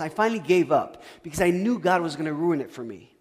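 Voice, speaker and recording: A man preaching a sermon as pastor, telling a story and swinging between loud bursts and hushed asides. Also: on the high side, lively intonation, fast talker, husky. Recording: long reverb of a church hall.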